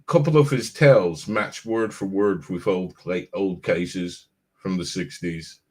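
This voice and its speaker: A man's voice: deep voice, slow pace, breathy edge. A man hosting a casual live stream, talking animatedly and repeating himself as he gathers his thoughts. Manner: animated, repeats words, laughs easily. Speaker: host.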